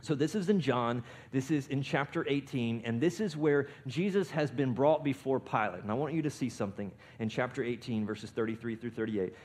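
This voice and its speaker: A man preaching a sermon, building to loud emphatic peaks and often restarting his words. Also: fairly quick, few pauses. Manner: emphatic preaching with swells in volume and pitch; frequent restarts and repeated words. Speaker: pastor.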